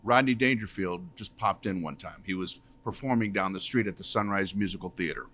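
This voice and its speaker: A middle-aged man, a comedian guest, telling anecdotes in an unhurried casual way. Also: low voice, fairly bright tone. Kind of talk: casual storytelling.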